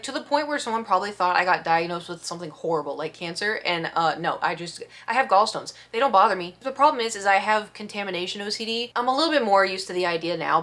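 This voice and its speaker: A woman vlogger telling a story in casual chat, expressive and acting out the quotes. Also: on the low side. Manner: chatty, expressive storyteller who acts out quotes.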